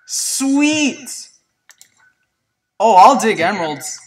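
A gameplay commentator chatting to viewers in a let's play, excitable and prone to yelps and shrieks at surprises. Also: medium pitch, slow, long pauses, recorded from a distance, poor audio. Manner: chatty, talks to viewers as "guys".

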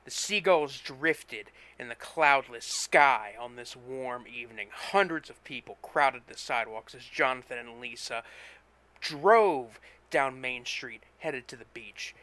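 A man reading a short story aloud with plain, steady storytelling. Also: medium pitch, measured pace. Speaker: narrator, story reader. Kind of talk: story narration.

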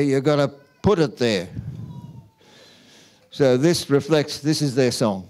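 A man, a Catholic priest, giving a homily in a slow, measured storytelling manner. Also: mid-range voice, a little mellow.

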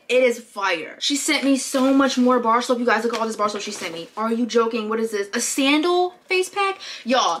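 A young woman chats through a casual vlog. She gushes excitably and keeps saying "like". Her voice is bright and a little high, with faint noise behind it. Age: young adult. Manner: gushing, excitable, says "like" often. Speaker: vlogger.

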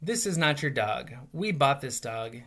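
A man's voice: mid-range voice, expressive, unhurried, a bit bright. A man voicing a neighbor mother who answers curtly and coldly. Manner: curt, cold. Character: curt, unyielding neighbor mother.

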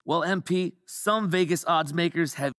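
A man's voice: fairly high pitch, moderate pace, a bit bright, dry recording, studio quality, lightly acted. An actor playing an inquisitive male sports reporter asking formal, probing questions in a game cutscene. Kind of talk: video game cutscene dialogue.

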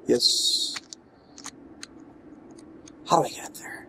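A man with a fairly high, very animated voice talks through a game he is playing at home. He is playful and coos baby talk at his character, sliding between quiet mutters and sudden exclamations. A faint hiss sits under the recording. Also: a little fast, vocal fry. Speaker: let's play gamer. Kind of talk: casual gameplay commentary. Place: home room with his dogs nearby.

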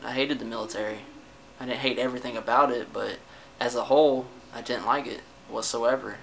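A man's voice: medium pitch, steady tone, a little fast, vocal fry, a bit bright, a little hiss or hum, low-quality recording. A young man venting to his camera in a casual personal rant, defensive and frustrated, swearing a lot and often stopping to restart his sentences. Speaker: vlogger. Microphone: camera mic.

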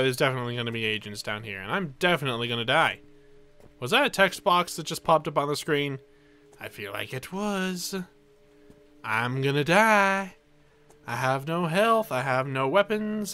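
A young man giving excitable let's play commentary, narrating his own moves with dramatic panic. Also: mid-range voice, clear, resonant tone. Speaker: gameplay commentator.

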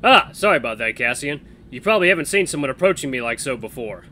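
A man voicing a friendly, straightforward young guard who talks loud and hearty. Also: mid-range voice, expressive, fast talker, a little hiss or hum.

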